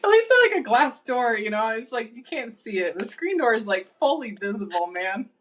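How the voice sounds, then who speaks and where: A woman's voice: fairly high pitch, sing-song, moderate pace. A woman with a Michigan accent hosting a podcast interview in a loose, playful, laughing way. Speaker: podcast host. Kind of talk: casual interview chat.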